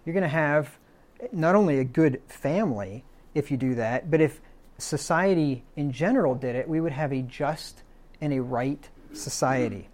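Man preaching a deliberate Bible study. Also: a little high, darkish tone. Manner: deliberate, lists synonyms, asks "right?". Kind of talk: verse-by-verse sermon.

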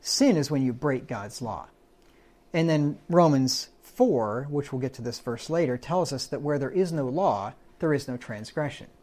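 A man delivering a conversational sermon in a church. He reads verses aloud and breaks them down plainly, often checking in with his listeners. His voice sits at an ordinary middle pitch. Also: animated, normal speed, a little mellow. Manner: conversational, quotes scripture, asks the room "right?". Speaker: preacher. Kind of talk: Bible-study sermon.

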